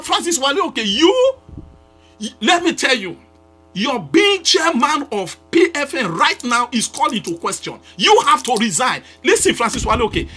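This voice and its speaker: A Nigerian pastor, a man with a Nigerian English accent, rails at his target in a fiery live address. His voice sits high and sharp, leaping up and down as he repeats his demands and breaks into shouts. Soft music plays underneath.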